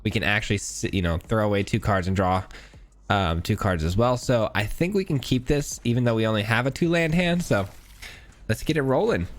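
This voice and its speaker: Stuffy-nosed man, low voice. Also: fairly quick. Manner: casual, chatty, thinking aloud. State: stuffy nose. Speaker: gaming channel host. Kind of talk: gameplay commentary.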